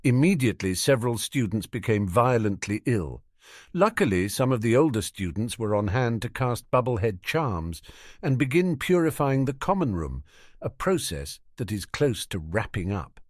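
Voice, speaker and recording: A composed schoolboy from a storybook, voiced by a man, reporting events in a formal, matter-of-fact way. The pitch rises and falls readily, and the sound is close and dry. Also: sing-song, moderate pace, no room sound.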